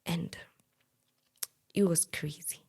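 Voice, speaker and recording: A young woman with a Kenyan accent, animatedly telling her own story and quoting the people in it. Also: slow. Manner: animated, quotes others in dialogue. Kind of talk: personal storytelling.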